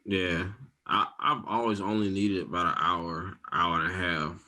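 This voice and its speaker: A man's voice: deep voice, steady tone, a little slow, sharp tone. A man in his thirties co-hosting a podcast, bantering in heavy slang. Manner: slangy banter, ends lines with "bro" and "boy". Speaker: podcast co-host. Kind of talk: casual chat.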